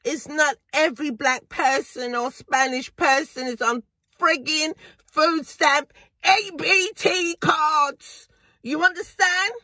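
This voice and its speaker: A fed-up working woman, played by an actress, vents to a friend in a high, unhurried voice. She is indignant and swears freely as she talks. The sound is dry and close, with no room around it. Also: pushed and bright, no room sound, full character voice. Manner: indignant, profane, ranting on the phone. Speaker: caller venting to a friend. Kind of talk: low-budget drama monologue.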